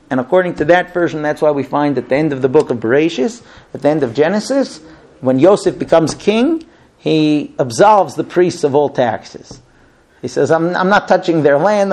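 A man giving a Torah lesson as a sermon, telling the story in a lively way and acting out the voices of the people in it. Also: a little high. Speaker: rabbi teaching Torah.

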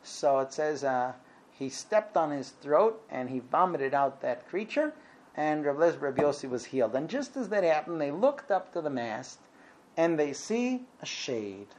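A man teaching a class, retelling a Talmud story in a halting way, with many ums and self-corrections, and growing lively when he quotes the figures. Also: a little high.

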